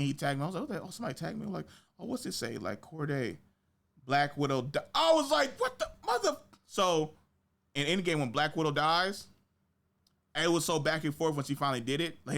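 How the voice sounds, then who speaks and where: A man hosting a podcast, telling stories in casual chat, slangy and swearing, acting out quotes with big jumps in his voice. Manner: animated storytelling, acts out quotes with big pitch jumps. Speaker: podcast host.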